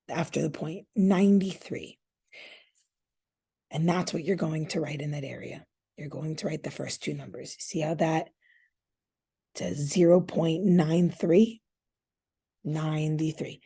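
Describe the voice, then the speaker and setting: A woman's voice: deep voice, creaky, dark tone, slightly rough. A woman teacher walking viewers through scoring a reading fluency test, chatty and casual, thinking aloud as she works on screen. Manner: casual, chatty, talks to viewers as you guys.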